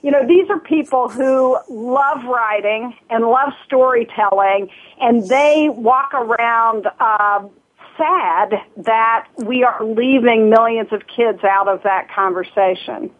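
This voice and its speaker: A woman's voice: fairly high pitch, slow, husky. Earnest woman on a tinny phone line. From Southern Ohio, USA. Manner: earnest, many fillers and restarts. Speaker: guest, nonprofit leader. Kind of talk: casual interview talk.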